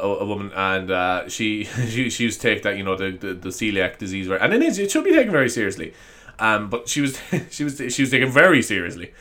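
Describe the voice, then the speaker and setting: Irish man, podcast host, casual comic rant, swears a lot, very lively pitch. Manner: animated, swearing, rambling with laughs and restarts. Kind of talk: casual comedic monologue.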